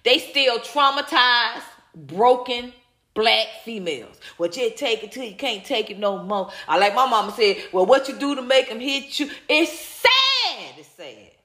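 A high, bright-voiced woman talks at normal speed while reading viewer comments live. Her heated, casual rant is blunt and repetitive with some swearing, and her voice bounces around a roomy, echoey space.

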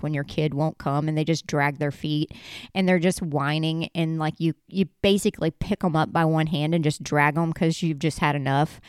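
A woman's voice: low voice, a little mellow, clean tone, no echo, clean studio sound. A woman talking casually and earnestly about her faith, rambling and correcting herself as she goes. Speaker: Christian speaker.

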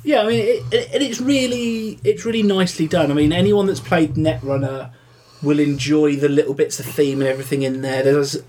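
A man chats keenly about a board game, now and then cutting in with quick jokes. His voice sits a little higher than most men's. A faint hiss lies under the recording. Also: steady tone, darkish tone. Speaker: podcast co-host. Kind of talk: casual board game discussion.

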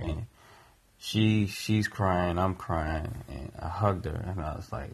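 Male podcast co-host, low husky voice, earnest reflective storyteller. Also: unhurried. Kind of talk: personal storytelling.

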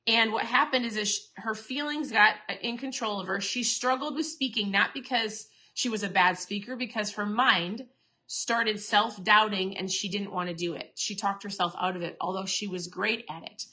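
A woman host in middle age talks in a casual, earnest, motivational way. Her voice is bright and forward at a middle pitch. She restarts her sentences and circles back as she goes. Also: moderate pace. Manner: chatty, earnest, restarts and repeats herself. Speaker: podcast host and keto coach.

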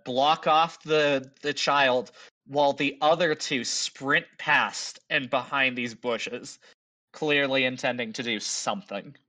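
A man's voice: medium pitch, bright, forceful tone. A man running a tabletop game as game master, describing combat and prompting players for rolls.

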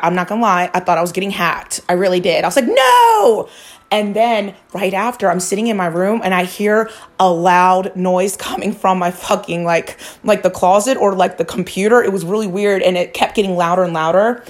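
A woman vlogger chatting straight to her viewers about her psychic hunches. She rambles and confides in a loose, conversational way, with the odd swear word and plenty of restarts. Her voice sits at an ordinary middle pitch. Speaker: psychic true-crime vlogger. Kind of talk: casual chat to camera.

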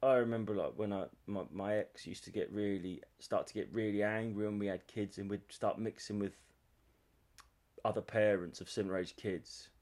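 A man's voice: lowish voice, normal speed, a little mellow. A man co-hosting a podcast, telling crude stories in casual chat and acting out other people's voices. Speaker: podcast co-host.

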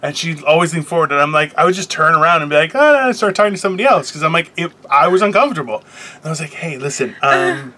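A man's voice: on the high side, rapid-fire, pushed and bright. A man hosting a casual chat show from a car, joking, rambling and swearing freely. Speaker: podcast host.

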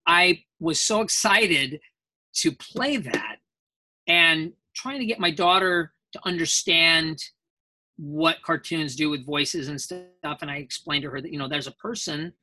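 A man, a voice actor guest at a convention panel, telling anecdotes in a lively, animated way. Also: a little high, no room sound. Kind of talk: casual panel interview.

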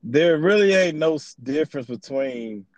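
A man's voice: a little high, lively intonation, normal speed, no room sound. A young man hosting a podcast in casual chat, loose and profane, rambling through his stories. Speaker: podcast host.

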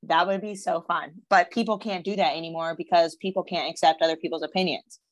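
A woman's voice: lowish voice, steady tone, fast, no echo. Frank woman chatting, dry close sound. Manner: frank, emphatic, casual slang. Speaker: podcast co-host. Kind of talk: casual chat.

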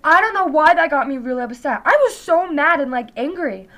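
A woman's voice: sits high, lively intonation, fairly quick, fairly bright tone. A teenage girl chatting casually in a vlog, rambling and peppering her talk with "like". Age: teens. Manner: rambling, full of "like" fillers. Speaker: vlogger.

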